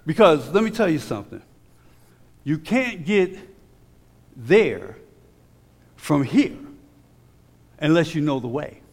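A man preaching a sermon with emphasis, slowing down to read scripture aloud and dropping into relaxed, stumbling asides to the congregation. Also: on the high side, gravelly, long reverb tail. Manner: emphatic, slows down when reading scripture; conversational asides with repeated restarts.

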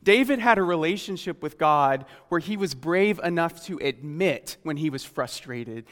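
A man delivers a sermon in a fairly high voice, earnest and searching as he asks his listeners questions. He slows right down whenever he reads scripture aloud. His voice carries a long reverb, as if filling a large hall. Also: fairly bright tone. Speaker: preacher.

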